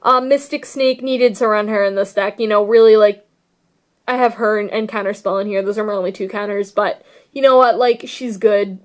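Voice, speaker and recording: A woman's voice: mid-range voice, steady tone, normal speed. A young woman casually chatting about her card deck, gushing and rambling with lots of fillers. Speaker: card game vlogger. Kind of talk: casual deck tech chat.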